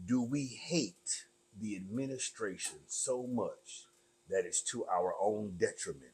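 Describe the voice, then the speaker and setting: A man's voice: lowish voice, expressive, slow pace, a little mellow, low-quality recording. A man co-hosting a casual political chat who cuts in often with provocative, joking remarks. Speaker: podcast co-host.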